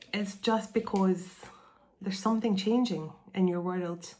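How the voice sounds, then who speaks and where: A woman's voice: mid-range voice, fairly even intonation, measured pace, a little mellow. A middle-aged woman giving a channeled spiritual card reading, meandering and repeating phrases in an earnest, reassuring way. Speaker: tarot and oracle card reader.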